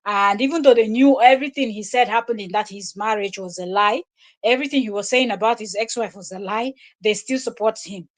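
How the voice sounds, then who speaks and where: A woman's voice: medium pitch, fairly quick. A woman hosting a live stream, commenting scornfully on clips she plays from another creator. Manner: scornful, laughs loudly and mocks. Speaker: live stream host reacting to videos. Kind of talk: commentary on a played video.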